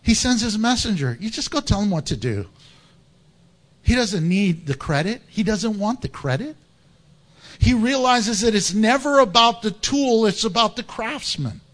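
High-voiced pastor preaching with humor. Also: male voice, normal speed. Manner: animated, humorous, laughs often, acts out Bible stories. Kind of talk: sermon. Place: church.

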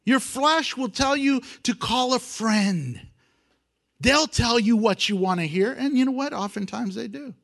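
Male pastor, high-pitched, animated delivery that drops to hushed asides, playful acted-out voices. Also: a little slow, creaky. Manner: animated, swings from loud emphasis to hushed intimacy; acts out prayers and voices with humor. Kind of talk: sermon.

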